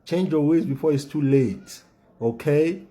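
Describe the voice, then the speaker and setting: A man's voice: a little high, unhurried, mellow, faint music behind. A man lecturing viewers in a scolding monologue, repeating phrases for stress. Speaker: commentator. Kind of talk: opinion monologue to camera.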